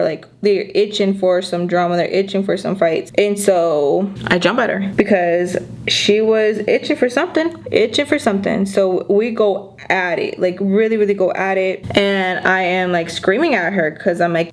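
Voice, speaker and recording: Young female vlogger, animated storytelling to camera, chatty with constant "like"s. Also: mid-range voice. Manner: animated retelling, full of filler "like"s. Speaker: YouTuber telling a story. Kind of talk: casual storytime vlog.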